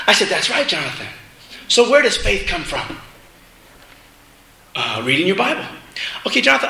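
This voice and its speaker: A middle-aged man preaching a sermon, telling a family story in a casual, animated way with laughing asides. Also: high-pitched. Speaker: minister. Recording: echoey room with faint noise.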